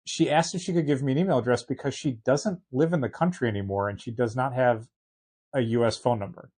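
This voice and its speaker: A man co-hosting a comic shop podcast in casual chat, quick to laugh and apologize. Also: medium pitch, a little mellow, breathy edge.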